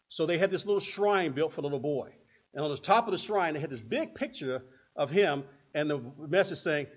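An older man preaching a sermon in an animated way, acting out stories in other voices. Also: a little high, brisk, husky. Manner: animated, acts out quotes in put-on voices. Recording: dull lo-fi recording.

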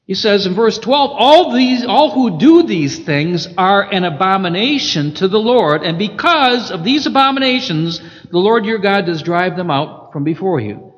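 Male pastor, high voice, emphatic, roomy lo-fi church sound. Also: big pitch swings, normal speed. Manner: emphatic, swings between loud and hushed. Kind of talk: sermon with scripture reading. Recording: echoey hall, dull lo-fi sound.

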